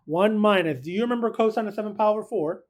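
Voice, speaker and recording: A man's voice: high-pitched, quick pace. A man teaching a casual recorded math lesson, chatty and joking, who keeps quizzing his students.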